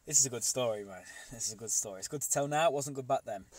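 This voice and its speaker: A man's voice: mid-range voice, lively intonation, fast talker. A young man, co-hosting a podcast and telling a long, rambling story with casual swearing. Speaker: podcast co-host.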